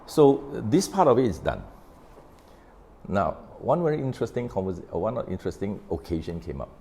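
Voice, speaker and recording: A middle-aged man with a Malaysian English accent tells a workplace story in a relaxed, unhurried way, voicing each side of the conversation as he goes. His voice sits very low, with a dark, mellow tone. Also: a little hiss or hum. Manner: recounts conversations with quoted dialogue, unhurried, explanatory. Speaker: author sharing on his book. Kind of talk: casual storytelling talk.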